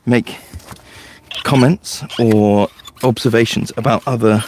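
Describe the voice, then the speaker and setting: A man's voice: medium pitch, fairly even intonation, slow pace, darkish tone, slight background noise. A man, a forest school leader chatting casually and explaining things in a loose storytelling way. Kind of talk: casual podcast chat.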